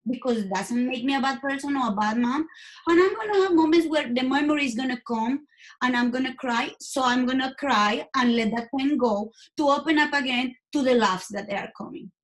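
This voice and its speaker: A fairly high-voiced woman speaking English as a second language. She talks earnestly and candidly as an interview guest, halting and restarting her sentences as she goes. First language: not English.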